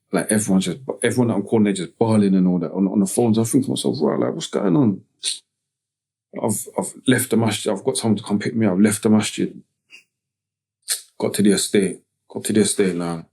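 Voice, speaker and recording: Low-voiced North London man. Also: quick pace, dark tone, husky. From Tottenham, London. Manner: slangy, frequent "you get me" tags, many restarts. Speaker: podcast guest. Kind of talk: casual storytelling interview.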